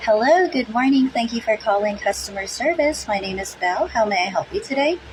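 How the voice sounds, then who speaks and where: A man's voice: high-pitched, lively intonation, brisk, background noise, pitched above the performer's own voice. A man voicing a chirpy young female call center agent in a comedy sketch, sweetly formal. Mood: cheerful. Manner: sweetly formal, turning into a robotic device announcer. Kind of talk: comedy sketch role-play.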